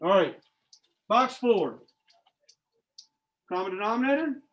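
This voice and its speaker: A man's voice: high voice, expressive, takes it slowly. A man teaching algebra to a class, informal and joking, quizzing his students as he works through problems. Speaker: math teacher. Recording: dull lo-fi classroom recording.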